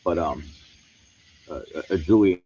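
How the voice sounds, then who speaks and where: Crickets chirp while a paranormal livestream host meanders through a wooded camp at night, talking casually with viewers in a laid-back, rambling way. His low-pitched voice is mellow and husky, animated yet unhurried, and the recording is muffled but without echo.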